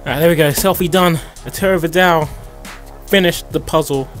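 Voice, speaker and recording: Excitable young man, higher-pitched. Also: moderate pace, faint music behind. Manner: excitable, swears freely, bursts into shouting. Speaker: gaming YouTuber. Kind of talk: pack-opening commentary.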